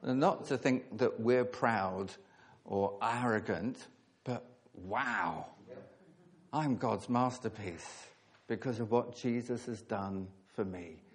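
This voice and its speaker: A man preaching a sermon, earnest and emphatic, leaning hard on key words with pauses between phrases. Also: lowish voice.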